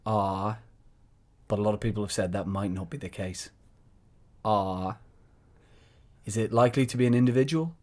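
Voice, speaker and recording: Brief: grave documentary talking head, hesitant, slow and quiet, played by a man as a parody. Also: on the low side, voice pushed down, lightly acted. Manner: halting, slow, lots of "uh".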